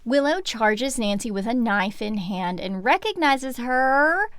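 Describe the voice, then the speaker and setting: A woman's voice: a little high, animated, takes it slowly, few pauses, fairly bright tone, smooth, no echo. A woman co-hosting a book podcast, summarizing a horror novel with wry asides. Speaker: podcast co-host. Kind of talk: casual book recap chat.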